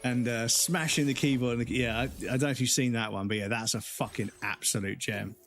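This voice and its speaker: A man streaming a game live, talking off the cuff at a middling pitch and wandering from story to story. He swears freely and laughs into his own anecdotes. The game's music plays clearly behind his voice. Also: steady tone, a little fast. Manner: rambling, swears a lot, laughs while telling stories. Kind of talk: casual live-stream chat while gaming.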